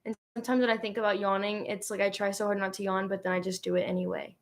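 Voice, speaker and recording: A woman's voice: mid-range voice, level tone, racing, creaky. A young woman co-hosting a casual chat, bubbly and slangy, giggling often.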